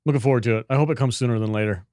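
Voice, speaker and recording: A man's voice: mid-range voice, racing, darkish tone. A man co-hosting a casual gaming podcast, joking loosely and reading out viewer comments. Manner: laid-back, joking, swears freely. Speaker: podcast co-host.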